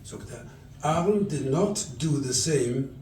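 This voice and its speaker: A rabbi from England giving a sermon at a charity event, telling stories and acting out the dialogue. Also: male voice, fairly high pitch, animated, slow pace, a little mellow, a little hiss or hum. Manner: storytelling, quotes scripture and acts out dialogue. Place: event hall. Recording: echoey room, distant mic.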